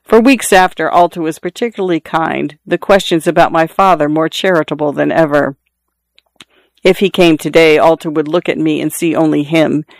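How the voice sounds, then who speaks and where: A man narrating a literary first-person story in a measured, lyrical way. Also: a little high, steady tone, gravelly, dry recording. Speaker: audiobook narrator.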